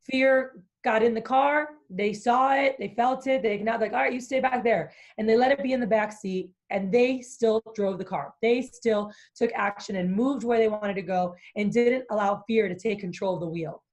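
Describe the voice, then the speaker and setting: A woman's voice: fairly high pitch, moderate pace, few pauses. A woman business coach being interviewed, talking energetically and acting out the inner voices of fear. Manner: animated, acts out inner voices.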